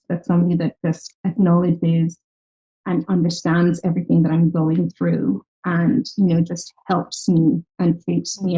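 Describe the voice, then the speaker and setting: A woman from Ireland tells her story in an animated way, slipping into the voices of the people she quotes. Her tone is mellow and warm. The recording sounds slightly dull and lo-fi. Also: lowish voice, breathy edge. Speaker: startup founder and podcast guest. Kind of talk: conversational interview.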